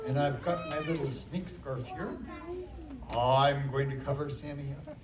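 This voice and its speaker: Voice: mid-range voice, measured pace. A children's magician performing a live show, playfully coaxing the audience with countdowns and a magic word. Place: library activity room, indoors. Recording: distant, echoey, loud crowd noise. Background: noisy crowd of children.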